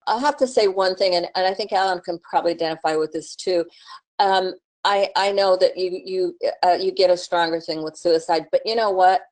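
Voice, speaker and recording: Low-voiced woman host. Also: fairly even intonation, a little fast. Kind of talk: webinar conversation.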